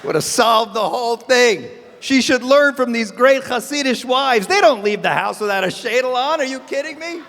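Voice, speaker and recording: Man, stand-up host on a live stage: quick wisecracks, very animated melody. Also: very high voice, in a large hall, a little hiss or hum. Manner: animated, wisecracking, punchy delivery. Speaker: stand-up comedian hosting an event. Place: event stage before a live audience.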